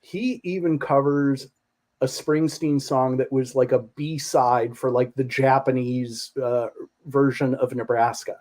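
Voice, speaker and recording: A man co-hosting a podcast, telling stories in an animated, enthusiastic way in casual chat. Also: mid-range voice, slow pace. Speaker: podcast co-host.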